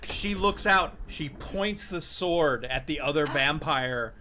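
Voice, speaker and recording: Slow, lively man narrating as game master. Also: on the high side, a little hiss or hum. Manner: slow, dramatic storytelling.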